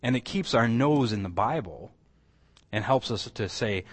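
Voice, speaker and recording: Lower-pitched conversational male pastor. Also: a little fast. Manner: conversational, asks the room questions, restarts phrases. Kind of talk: sermon teaching, closing in prayer.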